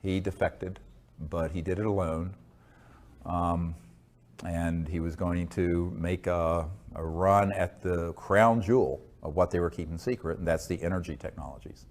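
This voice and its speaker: A man answering interview questions in an earnest, measured way, often pausing with fillers. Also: sits low, steady tone, darkish tone. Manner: measured, hesitant with frequent fillers. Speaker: interview guest. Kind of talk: earnest conversational storytelling.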